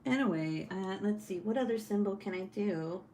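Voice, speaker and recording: A young woman hosting a casual livestream, reading chat and teasing her sister with loud, swearing jokes and frequent laughs. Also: medium pitch, moderate pace, a little hiss or hum. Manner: loud, joking, swears a lot, laughs often.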